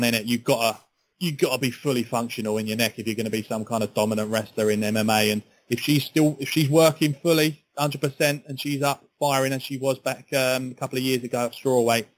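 A man's voice: mid-range voice, a little hiss or hum, rough recording. A man co-hosting a sports podcast in casual, chatty talk, often repeating his words. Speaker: podcast co-host.

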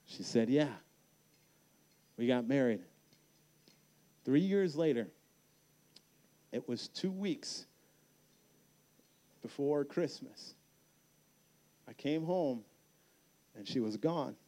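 A man speaking at a youth camp, telling his own story as a sermon, dropping soft and slow on key lines. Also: mid-range voice, animated. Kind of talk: sermon with personal testimony. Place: large hall at a youth camp.

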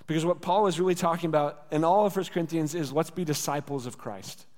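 Fast and a little mellow, with a fairly high pitch, a male pastor preaches earnestly in a conversational style full of rhetorical repetition. The sound rings with long hall reverb from the church sanctuary.

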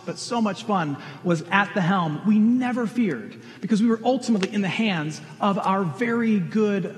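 A middle-aged man preaching a sermon, earnest and direct, pressing questions on his congregation. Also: high-pitched. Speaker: pastor. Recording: long reverb of a large hall.

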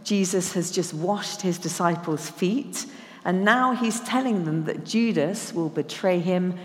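Woman preacher, slightly low voice, conversational sermon with echoey church reverb. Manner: conversational, reads scripture slowly and emphatically.

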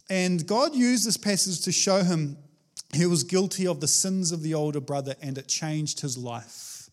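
A man with a high-pitched voice preaching in a relaxed, conversational way. He talks animatedly, like a chat with friends, often restarting his sentences mid-thought. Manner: animated, chatty, with many restarts. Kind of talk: casual conversational sermon.

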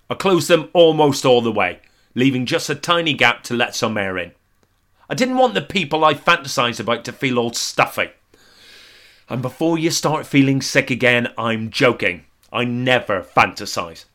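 A man in his forties performing a self-deprecating comic monologue, deadpan with sudden exaggerated outbursts. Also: medium pitch. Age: 40s. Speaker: comedian.

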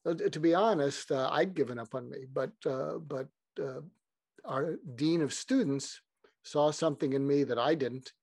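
A man's voice: fairly high pitch, moderate pace, darkish tone, breathy edge, dry recording. A man in his sixties, a psychiatrist guest, speaking reflectively and candidly with some fillers. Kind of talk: casual interview.

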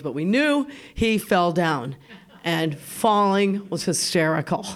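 Chatty woman telling a funny story. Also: on the low side. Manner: chatty, laughs often, acts out remembered voices. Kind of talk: live radio personal storytelling. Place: radio studio.

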